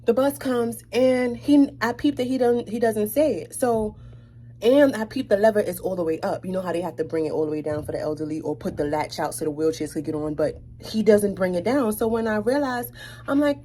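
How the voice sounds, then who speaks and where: Sassy, animated young woman from New York telling a story. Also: on the high side, fairly quick, a little hiss or hum. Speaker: vlogger. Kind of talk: storytime chat.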